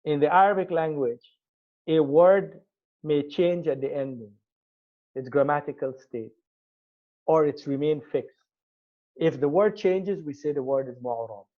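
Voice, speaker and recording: A man's voice: a little high, a little slow, long pauses, narrow, tinny audio. A man teaching an Arabic grammar class, explaining step by step and checking the class follows. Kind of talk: classroom lecture.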